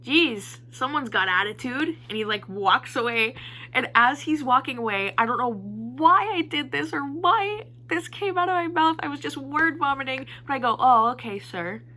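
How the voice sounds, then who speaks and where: A young woman vlogger telling a casual storytime in an animated, excitable way, poking fun at herself. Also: sits high, moderate pace. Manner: animated, excitable storytelling with playful self-mockery.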